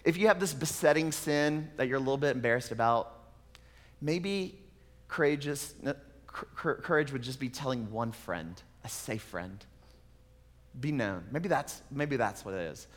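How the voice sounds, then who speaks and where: A man's voice: mid-range voice, lively intonation, normal speed, in a large hall. A male pastor preaching a sermon in a conversational way, with casual asides.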